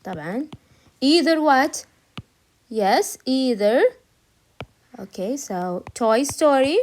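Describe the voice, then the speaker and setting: This teacher speaks slowly in a high, somewhat dark voice with lively intonation. She is a native Arabic speaker who patiently works through English grammar, moving back and forth between English and Arabic to repeat each point.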